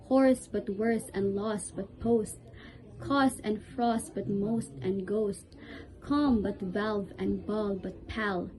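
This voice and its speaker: A woman's voice: mid-range voice, darkish tone, low-quality recording. A woman reciting a rhyming poem, carefully sounding out each word in lists.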